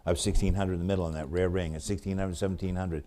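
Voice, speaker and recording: A man working as an auctioneer, calling bids in rapid repetitive runs and breaking off for chatty asides about the items, with a New England accent. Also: deep voice, little pitch movement, warm tone.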